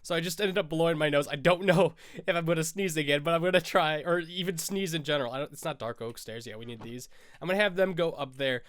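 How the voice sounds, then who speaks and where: Rambling over casual gameplay, a young American Minecraft YouTuber sniffles through a stuffy cold and keeps correcting himself. He speaks quickly in a voice on the high side, a bit bright, with no echo.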